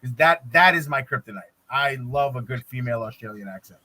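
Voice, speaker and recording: Guy guesting on a stream, bright voice, a bit of hiss in the background. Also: mid-range voice, lively intonation, fairly quick. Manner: apologetic, chatty, laughs. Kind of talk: casual chat.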